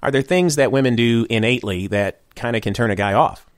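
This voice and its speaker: A man's voice: medium pitch, a little fast, smooth, no echo, studio quality. A man hosting a podcast in casual chat, asking questions and guiding the conversation. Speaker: podcast host.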